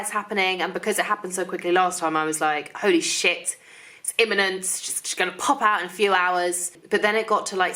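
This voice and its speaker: Young woman vlogger, low voice, chatty, filler-heavy storytelling, candid and fast. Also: fairly bright tone. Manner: chatty, quick, full of fillers like "like"; shifts into a high sing-song voice talking to her child. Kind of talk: casual storytelling to camera.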